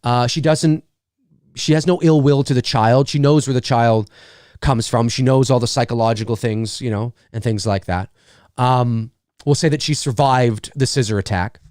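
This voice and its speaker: A man's voice: medium pitch, no echo, studio quality. A middle-aged man hosting a live stream in a casual, rambling way, swearing freely and answering viewer comments. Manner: rambling and animated, swears freely, acts out quick asides.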